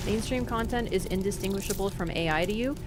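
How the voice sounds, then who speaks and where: A woman's voice: medium pitch, fast talker, background noise. A woman streaming a game live, chatting with her viewers in an opinionated way and yelping suddenly at what happens on screen. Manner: chatty and opinionated, talks straight to chat; sudden loud yelps at the game. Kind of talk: live gameplay commentary and chat reading. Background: game music.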